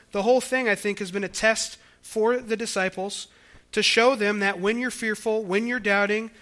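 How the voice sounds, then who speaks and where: A man's voice: high voice, pushed and bright. A young man preaching a sermon in a conversational way, now and then acting out quoted voices. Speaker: pastor.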